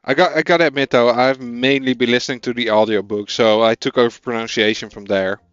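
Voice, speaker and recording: A man's voice: medium pitch, fairly even intonation, brisk, fairly bright tone, smooth, no room sound, highs cut off, faint music behind. A man with a Dutch accent, a native Dutch speaker, thinking aloud as he codes and chatting with viewers on a casual live stream.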